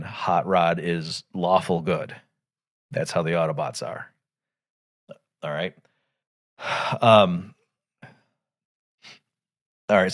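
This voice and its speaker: A man with a fairly low voice hosts a podcast, talking loosely through an old animated film. He thinks aloud, doubles back on his own sentences and jumps into loud bursts when he quotes the characters. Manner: rambling, thinks aloud with many restarts; acts out quoted lines with sudden loud jumps. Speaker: podcast host. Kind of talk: casual film commentary.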